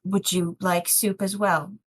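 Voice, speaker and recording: A woman voicing a haughty, wealthy woman who speaks slowly and patronizingly. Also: lowish voice, level tone. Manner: slow, patronizing.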